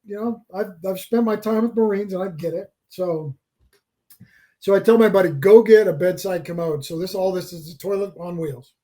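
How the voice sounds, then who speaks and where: A man's voice: sits high, fairly even intonation, normal speed, dark tone. A middle-aged man animatedly telling a story as a podcast guest, often repeating words as he builds up to the point. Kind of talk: casual storytelling.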